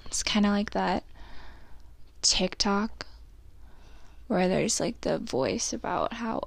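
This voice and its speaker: A woman's voice: medium pitch, lively intonation, slow pace, gravelly, long pauses, fairly bright tone, no room sound. A young woman hosting her own podcast, chatting candidly and rambling, with frequent swearing. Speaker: podcast host. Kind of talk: confessional solo podcast chat.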